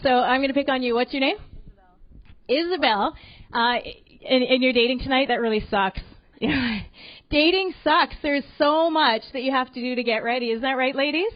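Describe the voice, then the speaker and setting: A woman's voice: high-pitched, brisk, no echo. A woman from Alberta doing a brash stand-up set in a comedy club, teasing the crowd. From Alberta, Canada. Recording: dull lo-fi live recording.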